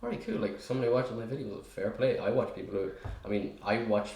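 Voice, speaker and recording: Fast-talking young Irish man. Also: on the low side, steady tone, a little mellow, reverberant. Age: young adult. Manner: rambling, self-deprecating. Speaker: podcast guest. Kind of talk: casual chat.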